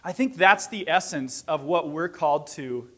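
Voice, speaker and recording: Animated high-voiced man telling a story. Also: moderate pace. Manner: animated, acts out quoted dialogue, laughs at own story. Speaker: speaker at a gathering. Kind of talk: storytelling inspirational talk.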